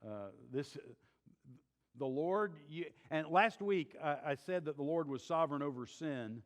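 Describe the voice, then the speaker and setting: A man's voice: a little high, expressive, unhurried, long reverb tail. A man teaching a church Bible survey class, retelling a story in a conversational, folksy way with chuckling asides.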